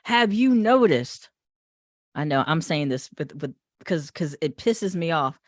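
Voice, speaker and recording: A woman's voice: low voice, animated, unhurried, no echo, clean studio sound. A woman hosting a discussion panel, backing up the guests and asking them questions. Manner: affirming, asks questions.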